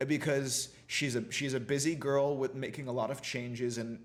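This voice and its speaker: A man's voice: medium pitch, steady tone, moderate pace, soft background music. A man, a film student, reviewing a TV show in a casual, profane rant full of fillers. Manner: profane, ranting, many fillers like "you know".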